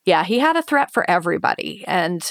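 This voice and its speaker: A woman's voice: on the low side, big pitch swings, a little fast, creaky, fairly bright tone, no echo. Woman telling her story in an interview, earnest and emotional, dry close sound. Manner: earnest, emotional retelling with quoted inner thoughts. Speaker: interview guest.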